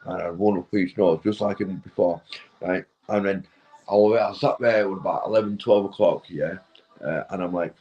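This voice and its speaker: A young man in the middle of a loose, meandering tale, clearly high. His talk is sweary and casual, full of restarts and constant little asides to the listener. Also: fairly even intonation, brisk, mellow, highs cut off. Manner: sweary, keeps tagging "right?" and "mate". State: stoned. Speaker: vlogger. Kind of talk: rambling casual storytelling.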